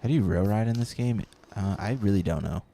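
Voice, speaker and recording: A man's voice: fairly low pitch, brisk, creaky, warm tone, a little hiss or hum. A man casually chatting with live viewers while playing a BMX video game, rambling and reading the chat aloud.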